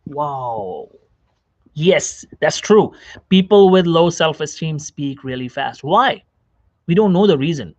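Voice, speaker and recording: Seated on a chair, a doctor speaks directly to the camera in a self-help psychology talk, repeating phrases and questioning the viewer. His voice leans high, a little mellow and a little slow, captured with no room sound in lo-fi quality.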